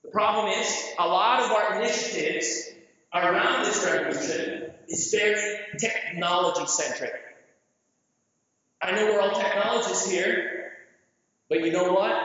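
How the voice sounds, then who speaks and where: Upbeat guy from southeast asia doing a conference talk, kinda high voice, big roomy echo, dull muffled sound. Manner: animated, jokey, asks the audience questions. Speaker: conference speaker. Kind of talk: conference presentation. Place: large conference hall. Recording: echoey hall, distant mic, dull sound.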